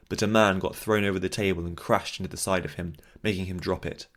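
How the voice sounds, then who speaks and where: A man narrating a fantasy audiobook in a steady, measured storytelling voice. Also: deep voice.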